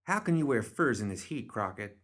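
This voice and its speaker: A man's voice: mid-range voice, very animated, fairly quick, fairly bright tone. A man voicing a cheeky, impertinent young woman who is sarcastic with her father, in a storybook reading.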